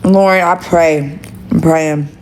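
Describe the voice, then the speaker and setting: A woman's voice: deep voice, steady tone, slow, darkish tone, slight background noise. A woman hosting a livestream, telling a story to her viewers in a rambling, gossipy way, swearing and stressing her words. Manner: gossipy, profane, emphatic swearing. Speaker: livestream host.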